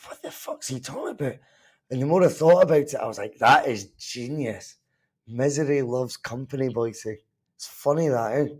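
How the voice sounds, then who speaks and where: A Scottish man hosting a live football watch-along podcast, chatting casually, reacting to the match and the chat with animated, sometimes sweary remarks. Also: mid-range voice. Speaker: podcast host.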